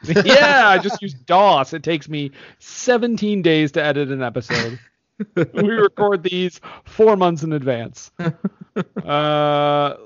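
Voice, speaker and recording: A man's voice: fairly high pitch, lively intonation, slow, a bit bright, no echo, dull audio. A man hosting a casual movie podcast, laughing often as he reads reviews aloud. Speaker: podcast host.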